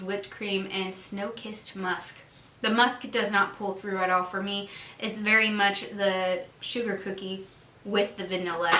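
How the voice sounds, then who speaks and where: A woman's voice: medium pitch, pushed and bright, a little hiss or hum. A woman chatting casually as a beauty vlogger, reviewing products at home in a chatty, giggly way. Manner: chatty, giggly, acts out little dialogues. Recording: echoey room.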